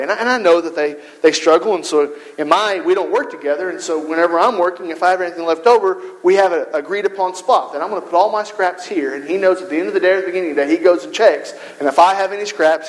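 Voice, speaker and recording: A man preaching a sermon, animated and storytelling, acting out quoted voices. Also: on the high side, rough recording.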